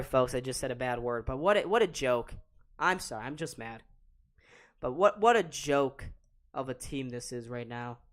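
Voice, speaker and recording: A late-teen young man hosts a live reaction stream, calling hockey play-by-play at medium pitch in an exasperated, ranting way and repeating himself.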